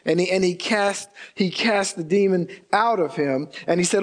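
A man's voice: sits high, normal speed, hardly any pauses. A man preaching a sermon as pastor, stretching key words and building to emphatic bursts.

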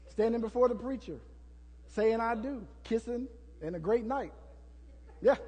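A man preaching a sermon as pastor, building to shouts and acting out prayers to the congregation. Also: very high voice, slightly rough, in a large hall.

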